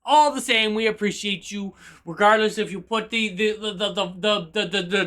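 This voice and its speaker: High bright chaotic streamer guy. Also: moderate pace, few pauses. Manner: chaotic, energetic. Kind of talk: casual stream chat.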